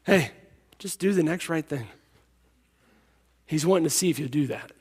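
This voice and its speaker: A man delivers a sermon in a high, ringing voice. He presses his points by repeating them and drops low for his stories. Long reverb from a big hall trails every phrase. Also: moderate pace, husky. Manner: emphatic, repeats key lines, drops to a hush for stories. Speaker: preacher.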